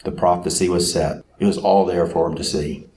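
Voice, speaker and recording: A man preaching a sermon who tells the story dramatically, sometimes acting out crowd voices with sudden shouts. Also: sits low, steady tone, normal speed, a little hiss or hum.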